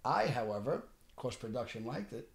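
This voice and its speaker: A middle-aged man, an actor telling animated stories on a podcast. He often restarts sentences and acts out what people said. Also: mid-range voice, normal speed, vocal fry. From Bensonhurst, Brooklyn, New York. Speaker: actor guest. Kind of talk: casual podcast storytelling.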